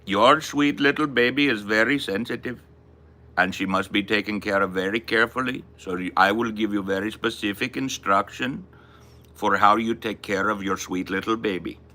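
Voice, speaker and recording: A man doing an impression of a gentle, careful male veterinarian giving earnest instructions with an accent. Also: on the low side, normal speed. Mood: earnest caring.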